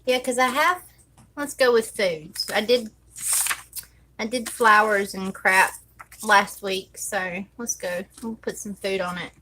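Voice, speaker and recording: Woman planner vlogger with a bright, crisp voice, unhurried and chatty while she sets up stickers. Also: mid-range voice, a little hiss or hum, rough recording. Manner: chatty, thinks aloud, counts under her breath. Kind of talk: casual chat while decorating a planner.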